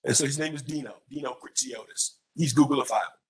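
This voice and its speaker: A man who is a candidate at a public college forum, answering an audience question with an animated story, often repeating words as he restarts. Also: mid-range voice, fairly quick, rough recording.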